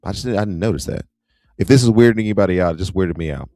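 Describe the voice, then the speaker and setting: A middle-aged man with a very low voice hosts his livestream in a chatty, offhand way, tossing in wry asides. The sound is close and dry, with faint music under him. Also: very fast, warm tone, dry recording. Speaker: host. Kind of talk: casual livestream commentary.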